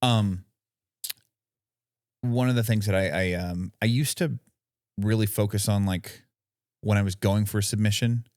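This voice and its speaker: Man, low voice, dry close sound, podcast co-host, long explanations, searches for words, casual chat. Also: steady tone, a little slow, pauses often, darkish tone, no room sound. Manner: frequent "you know what I mean".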